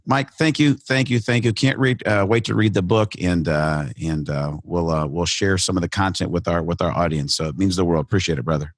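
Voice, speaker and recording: Brief: American male podcast host, lowish voice, dry close sound, animated and joking. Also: fairly quick, few pauses, no room sound. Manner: animated, joking, frequent restarts. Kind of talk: casual podcast chat and monologue.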